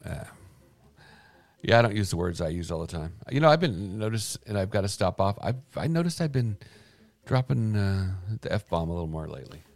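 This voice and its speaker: A man's voice: lowish voice, very animated, fairly quick, vocal fry, dry recording. A man co-hosting a casual morning show, laid-back, drifting into mock quotes as he talks. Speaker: co-host.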